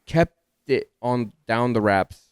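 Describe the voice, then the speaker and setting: A man with a Texas accent chats on a podcast, animated and prone to tangles in his sentences. His voice sits mid-range and comes across smooth and clear. The recording is dry and close. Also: mid-range voice, slow pace, no echo. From Dallas, Texas. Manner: animated, rambling, trips over words. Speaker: podcast co-host. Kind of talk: casual chat.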